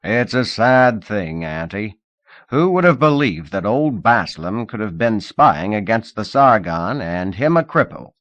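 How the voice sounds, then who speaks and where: A man voicing a gruff, gossipy male police sergeant who speaks loudly and drags out his lines. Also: fairly low pitch, sing-song, dry recording, highs cut off. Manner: loud, folksy, drawn-out lines.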